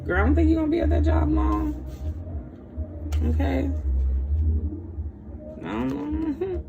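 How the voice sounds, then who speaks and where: Female tarot reader, gravelly voice, lively slangy delivery with frequent laughs and repeated phrases. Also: high voice, slow pace, pauses often, highs cut off, a little hiss or hum. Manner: animated, slangy, laughs often, repeats herself. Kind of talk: live tarot reading stream.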